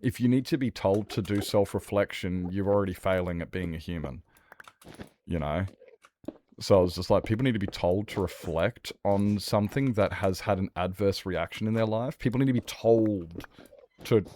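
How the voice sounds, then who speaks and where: A man's voice: lowish voice, normal speed, warm tone, slight background noise. A man chatting casually while streaming a game, rambling and repeating himself, swearing freely. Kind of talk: casual gameplay stream chat.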